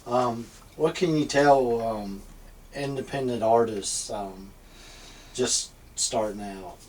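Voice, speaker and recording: A man hosting a show, asking interview questions in a halting way with many ums. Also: mid-range voice, a little mellow, recorded from a distance, slight background noise, poor audio. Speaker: show host.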